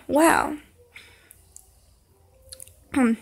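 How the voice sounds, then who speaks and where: Young woman doing horror game commentary, high voice with a gravelly edge, yells at the screen when scared. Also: unhurried. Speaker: gaming channel host.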